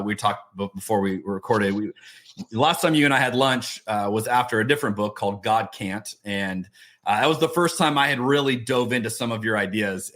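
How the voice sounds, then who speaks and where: A man's voice: on the low side, fairly bright tone. Middle-aged guy hosting a podcast, loose chatty talk, lots of uh and restarts. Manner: halting, many restarts and fillers. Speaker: podcast host. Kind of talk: casual interview chat.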